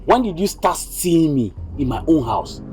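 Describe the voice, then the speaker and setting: A man's voice: a little high, sing-song, moderate pace, darkish tone. A young actor playing a confused, agitated man who doesn't recognize the people around him, heard over background music. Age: young adult. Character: bewildered young man who has lost his memory. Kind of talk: youth drama acting.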